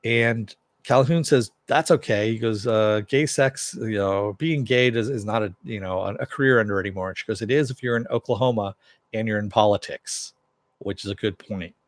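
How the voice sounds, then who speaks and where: With a lowish voice at a moderate pace, this reviewer casually retells a TV episode, recounting dialogue loosely with "he goes" and lots of "uh." There's no room sound on the recording.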